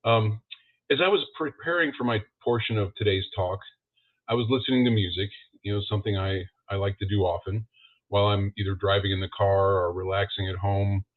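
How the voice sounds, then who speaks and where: A man, a licensed practitioner, giving a conversational spiritual talk with frequent fillers, now and then acting out his own thoughts in a higher voice. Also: fairly even intonation, a little fast. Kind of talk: sermon talk. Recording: tinny phone-like audio.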